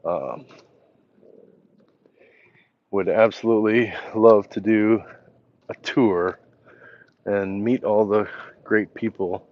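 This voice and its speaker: Slow, easygoing man on a phone livestream. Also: on the low side, fairly even intonation, dry recording, muffled recording. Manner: unhurried and easygoing, with pauses and fillers. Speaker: livestream host. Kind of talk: casual livestream chat, reading viewer comments aloud. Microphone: handheld phone.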